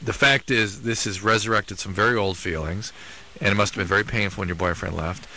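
A man with a quick, clipped delivery talks a caller through her problem on call-in radio. His voice is bright and a little low, and he explains things calmly and clinically, like a practised advice host. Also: a little hiss or hum.

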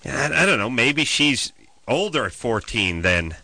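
Brief: male host, sharp bright voice, lively swooping pitch, dry close sound, ranting storyteller. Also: measured pace, slight background noise. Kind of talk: casual chat.

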